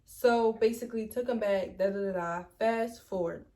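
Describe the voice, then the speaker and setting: A woman's voice: medium pitch, moderate pace. Chatty young woman telling a story. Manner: chatty and animated, acts out quoted lines, leans on "like" and "literally". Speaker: storytime vlogger. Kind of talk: casual storytime.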